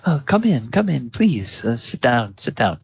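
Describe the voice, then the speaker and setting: A man voicing a kindly older priest who speaks in a gentle, reassuring way. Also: medium pitch, sing-song, unhurried, gravelly, husky, dull audio, pitched above the performer's own voice, heavily acted. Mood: welcoming. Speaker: priest character.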